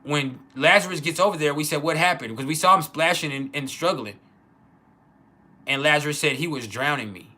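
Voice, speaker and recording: A man tells a story from his childhood, talking casually and stumbling over restarts. His voice is fairly high and very bright, with a forceful edge. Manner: casual, halting, many restarts and repeats. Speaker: channel host. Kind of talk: personal storytelling.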